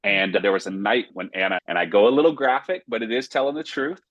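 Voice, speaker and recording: Man, pastor guest, from North Carolina, low husky voice, dry close sound, earnest heartfelt storytelling. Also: fairly even intonation, fast, a bit bright, dry recording, lo-fi sound. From Raleigh, North Carolina, US. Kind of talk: casual interview storytelling.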